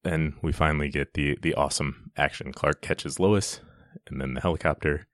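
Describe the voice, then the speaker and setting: A man's voice: extremely low pitch, steady tone, moderate pace, a bit bright, no room sound, clean studio sound. A man giving a casual, enthusiastic commentary on a film scene, chatty and often restarting his sentences.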